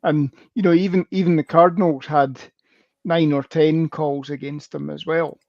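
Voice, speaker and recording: A man's voice: fairly high pitch, fairly even intonation, moderate pace, a little mellow, no room sound. A man from the United Kingdom co-hosting a casual sports podcast, rambling and emphatic. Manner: rambling, emphatic, swears mildly. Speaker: co-host. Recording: dull lo-fi dry recording.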